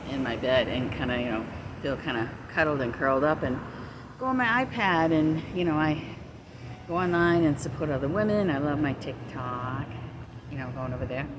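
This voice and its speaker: A woman's voice: sits low, fairly quick. A woman out of breath, chatting casually as she films herself on a walk outdoors. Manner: chatty, rambling, self-encouraging. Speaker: vlogger. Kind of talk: casual walking vlog. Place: outdoors on a walk near traffic. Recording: loud outdoor noise with passing vehicles.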